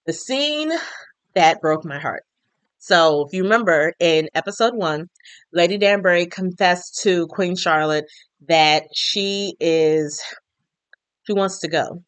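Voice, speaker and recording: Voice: mid-range voice, fairly bright tone, no echo. A recap vlogger talking casually about a TV episode, chatty and slangy, and briefly acting out the characters' lines.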